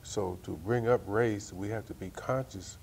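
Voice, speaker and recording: Measured man with a gravelly low voice. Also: darkish tone, slight background noise. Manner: measured, preacherly. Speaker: imam. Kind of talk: community panel discussion.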